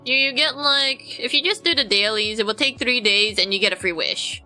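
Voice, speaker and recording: A woman's voice: on the high side, moderate pace, sharp tone, faint music behind, low-quality recording. A woman streamer giving casual gameplay commentary, rambling through explanations to her chat.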